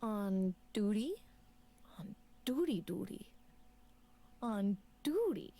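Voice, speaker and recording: A woman's voice: mid-range voice, big pitch swings, slow pace, dark tone, exaggerated voice. A woman voicing a playful woman teasing a police officer in a babyish, taunting tone.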